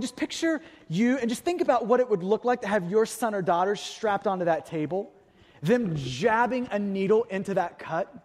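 High-voiced man preaching in a hall. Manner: storytelling, animated, rhetorical questions. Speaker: pastor. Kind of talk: sermon.

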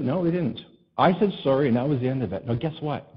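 A man's voice: medium pitch, expressive, a little fast, breathy edge, lo-fi sound. A man preaching a sermon to a congregation in a conversational, storytelling way, often asking the listeners questions and acting out what people said. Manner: conversational, asks the congregation questions, acts out quotes. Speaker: pastor.

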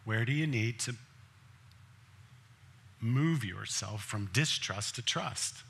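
A man's voice: medium pitch, lively intonation, takes it slowly, creaky, fairly bright tone. A male pastor preaching a sermon in a conversational way, asking the congregation direct questions.

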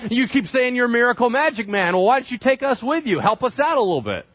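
A man voicing a brash robber who taunts from a cross, high and shouting. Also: big pitch swings, quick pace, no echo, lo-fi sound, heavily acted. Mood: taunting.

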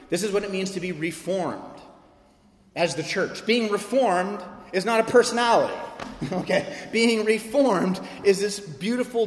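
This pastor preaches a sermon in a big church sanctuary, his voice on the high side. He's a lively storyteller who performs the quoted voices himself, and the hall echoes with long reverb.

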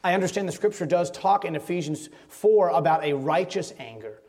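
A man's voice: fairly high pitch, lively intonation, a little fast, darkish tone, long reverb tail. A man preaching a sermon as a pastor, moving from a told story into emphatic preaching.

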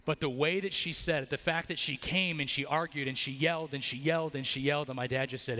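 A man's voice: a little high, fairly even intonation, fast, hardly any pauses, sharp tone, long reverb tail. A man preaching a sermon in a church, telling a personal story with casual fillers and leading a prayer. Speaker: pastor. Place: church building.

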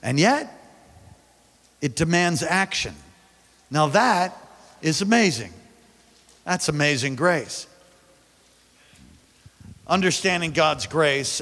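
A male pastor preaches in a high, bright voice that rings through a large reverberant church hall. He tells his stories with animated energy, rising to shouts at the peaks, and keeps calling on the congregation to answer back. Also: slow pace, long pauses. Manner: calls on the congregation to respond. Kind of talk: sermon.

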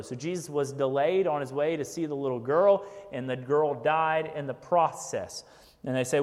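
Conversational pastor preaching in a reverberant hall. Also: male voice, on the high side, animated, measured pace. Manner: conversational, keeps asking "right?", jokes. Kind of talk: sermon.

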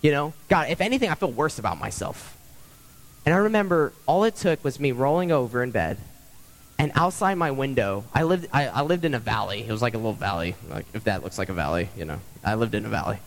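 A man's voice: medium pitch, expressive, quick pace. A young man preaching a sermon as pastor, earnest and conversational, repeating phrases for emphasis.

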